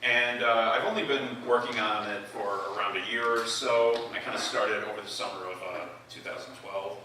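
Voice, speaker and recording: A young man talks to an open mic audience, hesitant and full of fillers. His voice is very bright and sharp, and the booming echo of a hall carries it from well back. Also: fairly even intonation, moderate pace, slight background noise. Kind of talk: casual talk to an audience. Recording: echoey hall, mic far off.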